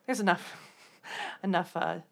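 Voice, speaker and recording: A woman's voice: lowish voice, steady tone, unhurried, creaky, fairly bright tone. A woman co-hosting a podcast in casual chat, teasing and saying "like" a lot. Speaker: podcast co-host.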